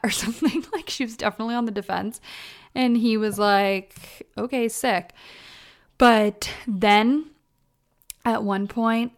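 A woman's voice: mid-range voice, steady tone, a little slow. A young woman hosting a podcast, recapping casually and chatting away, acting out other people's quotes in her own voice. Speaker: podcast host. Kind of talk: casual solo recap chat.

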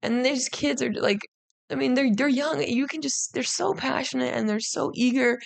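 A woman's voice: high-pitched, moderate pace, vocal fry, dry recording. A woman hosting a solo podcast, chatting casually and frankly, full of "like" and the odd swear word, heartfelt and emotional as she reflects. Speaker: podcast host.

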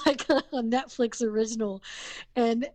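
A woman with a high-pitched voice and a Southern US accent, chatting casually as a guest. She rambles, restarts and laughs often. Her voice is recorded dry and close. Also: slow, no echo. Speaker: podcast guest. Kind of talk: casual chat.

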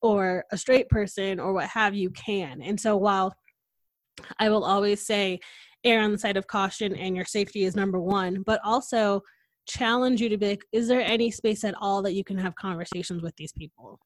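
A woman hosts a podcast chat, talking with animated, outspoken earnestness. Her voice sits at an ordinary middle pitch. The sound is close and dry, with no room around it. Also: moderate pace, no room sound. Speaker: podcast host. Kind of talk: casual podcast conversation.

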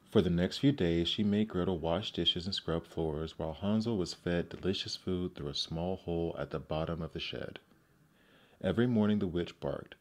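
A man narrating classic fairy tales aloud in a measured, gentle storybook manner. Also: low-pitched.

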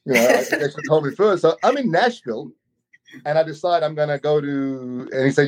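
A man from Australia telling a long travel story in a casual, animated way, often repeating his words as he goes. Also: on the high side, brisk. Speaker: guest storyteller.

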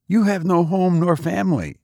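A man's voice: normal speed, creaky, a little mellow, dry recording, studio quality. A man voicing an idealistic young male student who speaks earnestly and urgently. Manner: earnest, high-pitched pleading.

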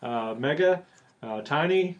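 A man's voice: fairly high pitch, animated, slow pace, lo-fi sound. A man co-hosting a church podcast, teasing his partner and rambling with plenty of fillers. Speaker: podcast co-host and church replanting author. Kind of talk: casual podcast chat.

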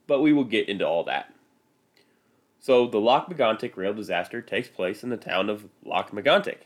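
A man with a Midwestern American accent, hosting a history podcast and narrating from a script in a casual, self-deprecating way. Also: on the low side. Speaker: podcast host.

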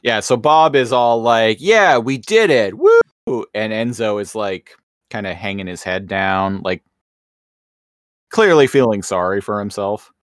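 A man co-hosting a casual podcast, joking and animated. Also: on the low side, unhurried, dry recording, clean studio sound. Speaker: podcast co-host. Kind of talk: casual chat.

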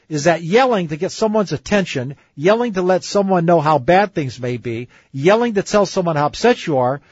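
A man's voice: fairly high pitch, breathy edge, no echo, lo-fi sound. A man hosting a dating advice radio show, reading book passages aloud and arguing against them in an opinionated way. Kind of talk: radio talk show commentary.

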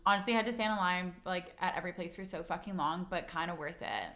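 A woman's voice: on the low side, fast, a bit bright. A young woman co-hosting a podcast, reading out questions and chatting casually with many fillers, talking to listeners as "you guys". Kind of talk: casual chat.

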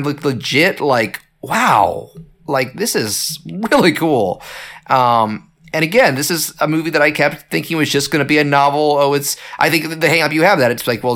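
A man casually discussing a horror movie, animated and full of fillers and restarts. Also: fairly high pitch. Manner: animated, lots of fillers and restarts, acts out quotes. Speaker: podcast co-host.

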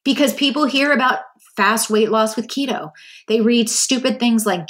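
A woman's voice: fairly high pitch, normal speed. Candid woman hosting a solo podcast. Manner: candid, animated, acts out quoted inner voices. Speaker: podcast host. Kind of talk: casual solo podcast monologue.

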